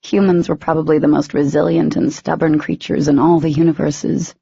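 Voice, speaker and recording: A woman narrates a romance audiobook in the first person, her voice husky and edged with gravel. She lets the heroine's emotion show through. The recording is dull, muffled and very dry. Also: deep voice, little pitch movement, fairly quick, warm tone, no room sound.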